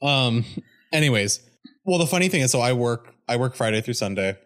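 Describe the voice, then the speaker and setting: A man's voice: medium pitch, expressive, fairly quick, a bit bright. A young man co-hosting a casual comedy podcast, telling a story in a playful, self-mocking way and laughing often. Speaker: podcast co-host.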